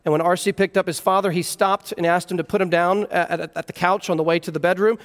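A man's voice: sits high, fairly even intonation, fast, big-room sound. A man preaching an expository sermon, earnestly explaining scripture verse by verse. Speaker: pastor.

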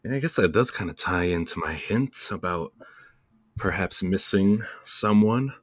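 A male podcast co-host with a very low voice who drops dry, deadpan quips in casual chat. The sound is dry and close to the mic. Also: a little slow, no echo.

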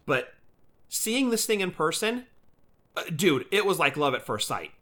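An enthusiastic man co-hosting a casual podcast, tossing in "dude" as he talks. His voice is bright and forceful. It sits somewhat high for a man. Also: big pitch swings, measured pace. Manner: enthusiastic, says "dude" a lot. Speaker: podcast co-host.

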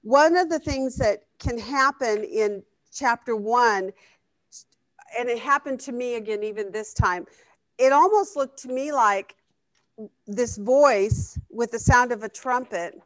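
A woman's voice: on the high side, unhurried, no room sound. A woman teaching a Bible study class in a conversational way, often asking the group questions. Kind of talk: interactive Bible lesson.

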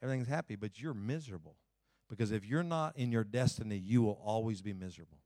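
A male pastor preaching a sermon in a conversational way, swinging between emphatic lines and hushed, quiet ones. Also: lowish voice, quick pace, dry recording, clean studio sound.

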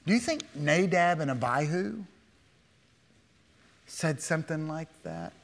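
A man preaching a sermon as a pastor, animated, with rhetorical questions to the congregation and quick asides acting out imagined speakers. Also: fairly high pitch, gravelly. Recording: long hall reverb.

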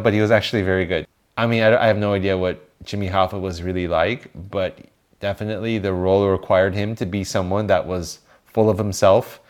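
Podcast co-host, male, low voice, casual and opinionated, quick with a joke. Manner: opinionated, joking, with some restarts. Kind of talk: casual film review chat.

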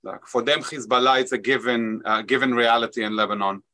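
Man, interviewer, bright voice, measured questions, mid pitch. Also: steady tone.

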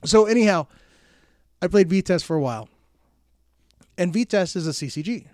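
Man co-host, slightly high voice. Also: animated, moderate pace, a little mellow, no room sound, clean studio sound. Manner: frequent backchannel agreement, conversational. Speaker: podcast co-host. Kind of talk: casual chat.

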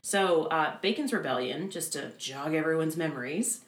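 Woman in her 30s, low-pitched podcast host, chatty storyteller, echoey room. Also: lively intonation, normal speed. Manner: chatty, many fillers, laughs easily. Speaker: podcast host telling a haunted history. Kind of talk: casual chat storytelling.

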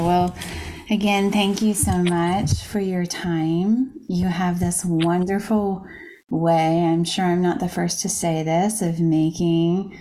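A woman hosting a podcast interview, her voice slightly low and her pace very slow and halting. She speaks appreciatively and leans on fillers as she finds her words, with a faint noise underneath. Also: darkish tone, low-quality recording. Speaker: interview host. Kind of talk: interview host wrap-up.

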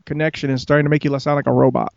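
A man's voice: mid-range voice, level tone, rapid-fire, gravelly, no room sound, muffled recording. A man hosting a casual gaming podcast who keeps joking, teasing his co-hosts and laughing. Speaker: podcast host.

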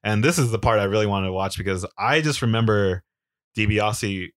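Relaxed low-voiced man recapping wrestling. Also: no room sound, studio quality. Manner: easygoing, rambling with fillers, quick laughs. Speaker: podcast co-host. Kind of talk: casual chat and wrestling recap.

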